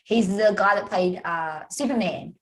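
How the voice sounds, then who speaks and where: A woman's voice: medium pitch, a little slow, poor audio. An Australian woman, a guest speaker and author, talking in a chatty, storytelling way on a podcast. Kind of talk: casual podcast interview.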